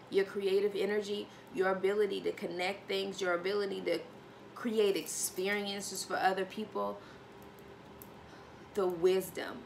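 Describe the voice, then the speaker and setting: A woman's voice: medium pitch, gravelly, a little hiss or hum. A woman giving a casual tarot reading, emphatic and sassy, repeating key phrases and calling the listener honey. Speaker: tarot reader.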